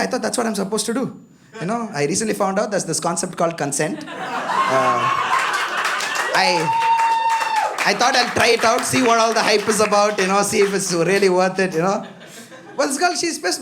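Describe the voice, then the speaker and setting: Man, stand-up comic, swearing, chatty asides, live club, crowd laughter. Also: extremely high pitch. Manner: loose, profane, chatty, constant "you know" asides to the crowd. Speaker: stand-up comedian. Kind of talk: stand-up comedy set. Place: comedy club stage with a live audience.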